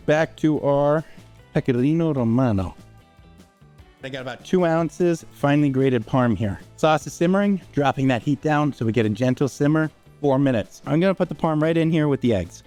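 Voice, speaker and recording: Male home-cook host, relaxed conversational delivery with "all right?" asides, mid-pitched voice, soft background music. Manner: chatty, informal, with frequent "all right?" asides. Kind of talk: casual cooking demonstration. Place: home kitchen.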